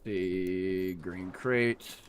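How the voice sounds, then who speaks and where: There's a slight hiss or hum behind this low, steady male voice as he drags out his words during casual gameplay commentary. He mutters to himself, drops profane asides, and tells rambling stories that keep restarting.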